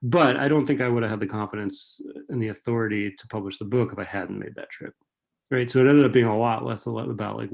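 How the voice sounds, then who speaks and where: A man's voice: mid-range voice, gravelly, a little mellow. A man who writes and teaches fiction, answering audience questions in a rambling, casual way full of fillers and rhetorical "right?" tags, over a video call. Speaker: author and writing professor.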